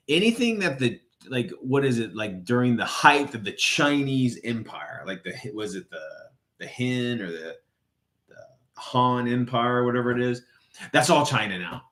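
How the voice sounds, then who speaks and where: A man's voice: mid-range voice, fairly bright tone. A man hosting a casual livestream, rambling and profane as he greets viewers in chat by name. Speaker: livestream host.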